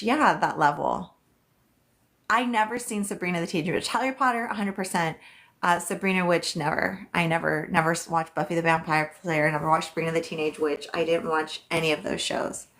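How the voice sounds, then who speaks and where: A woman with a fairly low voice hosts a casual live stream as a psychic reader. She chats quickly and loosely, full of "um"s and "like"s, and reads her viewers' questions aloud before answering them. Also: a bit bright.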